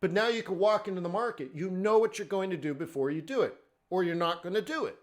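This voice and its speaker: Fast and expressive, a high-pitched man runs a live webinar on forex trading. He speaks conversationally, using rhetorical questions and checking in often with "okay?" and "right?".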